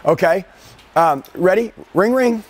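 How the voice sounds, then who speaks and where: A man leading a live sales training seminar, energetic and emphatic, firing questions at his audience and acting out sales calls. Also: high voice, measured pace.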